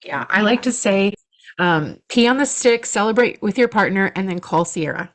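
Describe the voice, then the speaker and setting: A woman doula as a podcast guest, animated and acting out dialogue as she tells stories. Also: mid-range voice, moderate pace. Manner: animated storyteller, acts out dialogue. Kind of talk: casual podcast interview.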